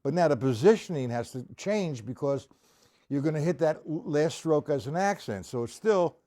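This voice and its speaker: On a live stream, a man teaches drum rudiments, addressing viewers in the chat directly and counting beats aloud with heavy accents. His voice is on the high side and expressive, at a normal speed.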